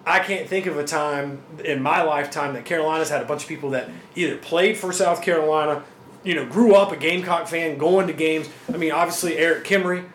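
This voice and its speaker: A man's voice: fairly high pitch, fairly quick, a bit bright. A man hosting a casual sports podcast interview, talkative and agreeable, filling his speech with "you know". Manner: talkative, agreeable, frequent fillers. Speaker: podcast host. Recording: echoey room with faint background noise.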